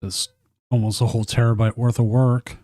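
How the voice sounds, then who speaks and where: A man's voice: medium pitch, flat delivery, a little fast, dark tone, no room sound, studio quality. A man chatting casually and rambling while streaming a card tournament. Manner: rambling, talks with mouth full at times.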